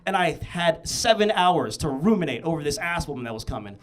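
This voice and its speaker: A young man performing a stand-up comedy set on a club stage, telling stories in an animated way with punchy asides. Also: a little high, a little fast. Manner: animated storytelling with punchy asides and frequent "you know what I'm saying".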